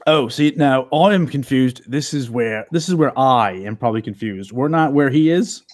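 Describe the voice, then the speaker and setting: A man's voice: mid-range voice, animated, moderate pace. A man playing a tabletop role-playing game in an easygoing, joking way, often thinking aloud. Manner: easygoing, joking, trailing off in thought. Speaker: player. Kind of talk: casual tabletop play.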